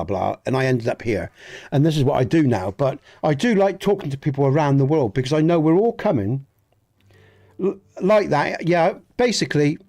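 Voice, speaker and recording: A man's voice: medium pitch, dark tone. An English man with a Dorset accent chatting earnestly and ramblingly with viewers during a game livestream, often restarting and swearing mildly. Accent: Dorset, Southwest English. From England. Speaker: streamer. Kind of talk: casual livestream chat with viewers.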